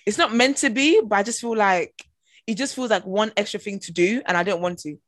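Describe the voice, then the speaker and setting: A woman's voice: medium pitch, brisk, no echo. A British woman co-hosting a podcast in casual chat, blunt and opinionated with playful asides. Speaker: podcast co-host.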